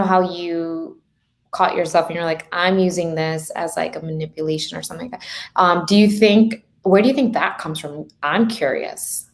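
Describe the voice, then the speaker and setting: A woman appearing as a guest on a podcast, a mindset coach speaking candidly and reflectively in casual conversation. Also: on the low side. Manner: candid and reflective, thinks out loud.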